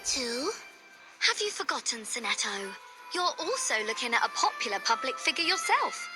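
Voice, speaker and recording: A woman's voice: high voice, sing-song, normal speed, over music, poor audio. A woman voicing a playful, boastful young female pirate celebrity in a game, teasing and swaggering.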